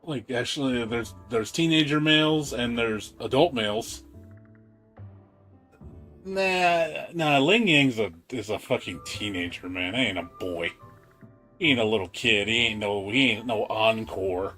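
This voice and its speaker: A man's voice: medium pitch, measured pace, bright, forceful tone, soft background music. A man streaming a game in a casual chat, laughing often and rambling with repeated words.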